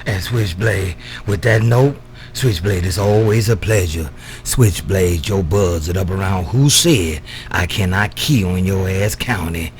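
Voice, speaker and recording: A man in casual CB radio banter, drawling and repeating his sign-off catchphrase, his words trailing off low. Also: unhurried, background noise. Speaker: CB radio operator.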